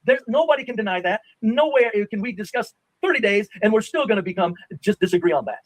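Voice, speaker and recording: A middle-aged man argues his point in a heated live-stream debate, blunt, insistent and quick to swear. His voice sits high and his words come fast. The sound is dry and close. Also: animated, dry recording, poor audio. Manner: blunt, insistent, swears, drops to a low grumble.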